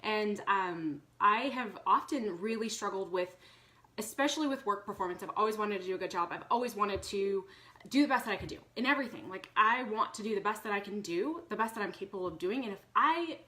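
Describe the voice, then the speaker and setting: A woman's voice: medium pitch, animated, fairly quick, bright, forceful tone. A woman in her thirties talking casually to her viewers, earnest and chatty with many fillers. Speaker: vlogger. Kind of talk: casual live talk to viewers.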